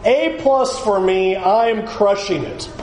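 A man's voice: high voice, slow, darkish tone, roomy sound, soft background music. A preacher putting on a smug self-righteous young man. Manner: boastful, self-satisfied.

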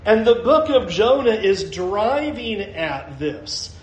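High-voiced pastor preaching slowly, echoey room. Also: male voice, big pitch swings. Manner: conversational, chuckles while making points. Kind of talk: sermon.

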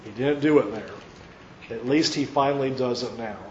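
A man's voice: mid-range voice, a little mellow, echoey room. Male pastor, earnest emphatic sermon; dull church recording with faint hiss. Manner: earnest, emphatic, pauses mid-phrase and restarts.

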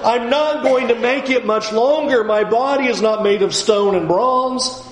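A man's voice: extremely high pitch, unhurried, roomy sound, pitched above the performer's own voice, poor audio. A man voicing an anguished suffering man who pleads with God in exasperation.

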